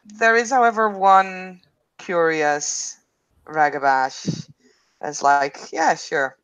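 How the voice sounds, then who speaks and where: A game master narrating a tabletop game over a video call, chatty and quick to laugh. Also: mid-range voice, lively intonation, a bit bright, clear, resonant tone, dry recording, lo-fi sound. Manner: giggly, chatty.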